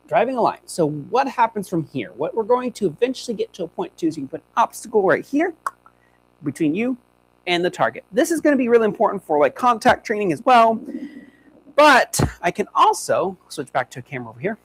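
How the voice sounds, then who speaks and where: A man's voice: high voice, very animated, brisk, fairly bright tone, rough recording. A young man who trains dogs, demonstrating on a live stream in a chatty, upbeat way and talking to his dogs as he goes. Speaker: dog trainer. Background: faint hum.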